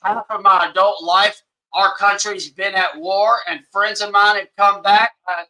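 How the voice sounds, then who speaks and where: Here the livestream host's voice sits high, with a steady, pushed, bright tone and a measured pace. A man with a Southern accent, he rambles heatedly through casual commentary and often says sorry to his audience, all captured poorly on a webcam setup.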